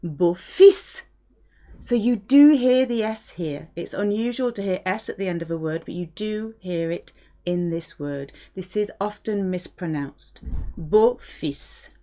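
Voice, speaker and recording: A middle-aged woman from France giving a language lesson, patiently explaining and modelling phrases clearly. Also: mid-range voice, moderate pace, dark tone. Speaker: French teacher.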